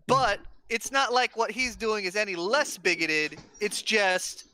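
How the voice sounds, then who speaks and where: Bright-voiced debate host on a call. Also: mid-range voice, expressive, a little slow, no echo. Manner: argumentative, restarts phrases while thinking. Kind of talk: casual online discussion. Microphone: video call.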